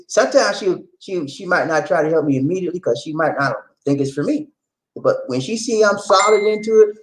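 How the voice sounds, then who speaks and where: A man from the United States hosting a live stream, talking loud and playful, often repeating himself. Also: a little high, low-quality recording. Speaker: host. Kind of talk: lively live-stream chat.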